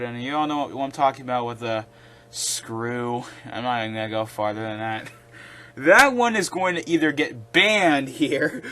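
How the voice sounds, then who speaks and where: A man's voice: medium pitch, fairly bright tone. A young man hosting his own video, ranting casually and with exasperation, rambling with restarts. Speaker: video host.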